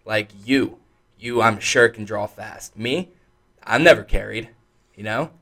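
A man's voice: fairly low pitch, a little slow, fairly bright tone. A young man co-hosting a podcast in casual chat, laid-back and profane, dropping "dude" and "like" often. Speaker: podcast co-host.

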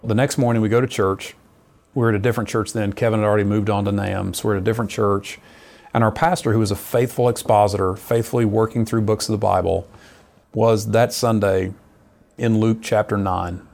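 Gravelly low-voiced man telling his story. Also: a little fast. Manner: earnest storyteller, lively retelling. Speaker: missionary. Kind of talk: personal testimony in conversation.

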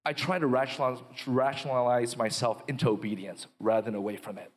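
Male guest minister, mid-pitched, animated storyteller who ends in prayer. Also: quick pace. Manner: animated, quotes his inner dialogue. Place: live podcast before an audience.

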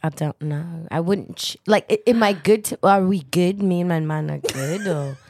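A woman guesting on a casual podcast, loud and laughing, swearing freely and a bit tipsy from drinking. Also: lowish voice, moderate pace, gravelly, no room sound, studio quality. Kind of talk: casual chat.

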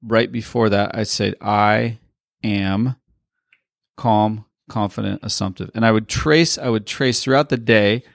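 A man's voice: fairly low pitch, creaky, no echo, studio quality. A man leading a sales training session on a group call, rambling and often checking in with "right?". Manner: rambling, repeats words, asks "right?" a lot.

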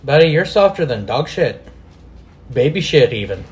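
A man's voice: a little high, big pitch swings, normal speed. A man co-hosting a casual sports podcast, trash-talking with plenty of swearing. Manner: crude trash talk with swearing. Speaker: podcast co-host.

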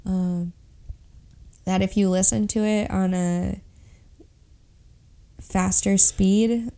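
A woman's voice: mid-range voice, steady tone, very slow, gravelly, warm tone. A woman co-hosting a faith podcast, chatting in a laid-back, self-deprecating way. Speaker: podcast co-host. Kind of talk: casual chat.

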